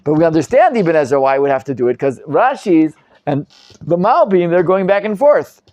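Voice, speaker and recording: A man, a rabbi, teaching a live Bible class, reading Hebrew commentaries quickly and explaining them in English with frequent Hebrew terms. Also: dry recording. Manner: animated, acts out quoted speakers with sudden loud pitch jumps.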